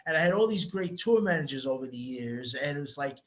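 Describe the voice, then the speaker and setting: A man's voice: a little high, animated, a little fast. A man from New York hosting an interview, talking bluntly and profanely in a rambling, repetitive way. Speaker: host. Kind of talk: casual interview chat.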